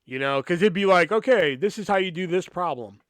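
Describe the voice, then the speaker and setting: A man's voice: high voice, animated, a little fast, no echo, studio quality. Rambling, foul-mouthed man telling stories. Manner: rambling, heavy swearing, many fillers. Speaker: podcast host. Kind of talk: casual storytelling.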